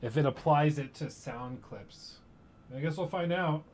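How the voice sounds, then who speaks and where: A man's voice: a little high, a little slow, a little mellow, slight background noise. A man chatting casually on a live stream, rambling loosely and slipping into impressions of others.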